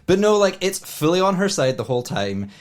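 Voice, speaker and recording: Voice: mid-range voice, sing-song, brisk. A podcast co-host recommending a film, rambling enthusiastically with a lot of "like". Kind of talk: casual chat.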